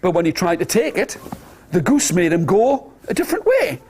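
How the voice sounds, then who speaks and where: Male storyteller, high and very lively, for a nursery audience. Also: normal speed, slightly rough. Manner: animated, coaxing children to join in. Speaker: children's storyteller. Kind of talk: interactive storytelling for toddlers. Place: nursery school room.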